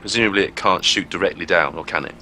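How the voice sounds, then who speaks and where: A man with a low voice and a bright, forceful edge, playing a tabletop game. He plans his turn aloud, full of fillers and restarts. Faint noise sits under the recording. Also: fast. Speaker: player.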